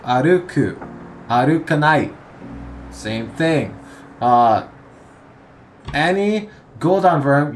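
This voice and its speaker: A man giving a casual spoken language lesson, explaining at an easy pace with many hesitant "uh"s and pauses. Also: mid-range voice, a little hiss or hum. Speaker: Japanese language teacher.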